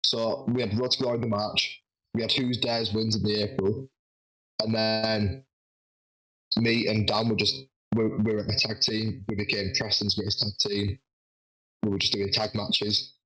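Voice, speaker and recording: A man telling a lively story in a casual interview, acting out what people said. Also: on the low side, normal speed, low-quality recording. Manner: animated, acts out quoted dialogue. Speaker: guest wrestler.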